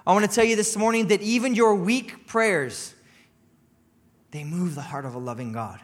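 A man preaching a sermon with passion. He rises to loud cries and breaks off for chuckling asides. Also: sits high, moderate pace. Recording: long hall reverb.

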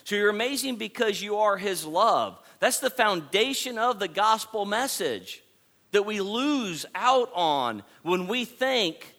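A high-pitched, sharp-toned man preaches a sermon to his congregation as a pastor. He is emphatic and repetitive, building his points through repeated phrases.

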